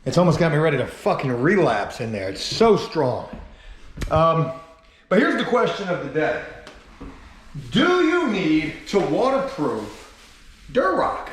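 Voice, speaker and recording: A man's voice: fairly high pitch, wildly swooping pitch, unhurried, pauses often. A man talking casually and joking, with plenty of swearing, as he walks through his home renovation for a vlog. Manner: laid-back, profane, joking. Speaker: vlogger. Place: house under renovation, bathroom. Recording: echoey room, faint background noise.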